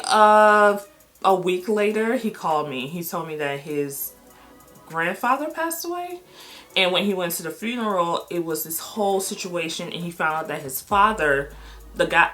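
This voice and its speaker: A woman's voice: on the low side, bright, forceful tone. Blunt woman telling a casual story. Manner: candid, blunt, swears freely. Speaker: vlogger telling a personal story.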